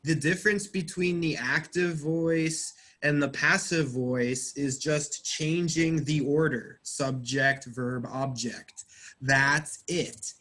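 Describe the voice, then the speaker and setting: A man's voice: on the high side, slow pace, fairly bright tone. A man teaching an English grammar class, explaining patiently step by step and quizzing his students.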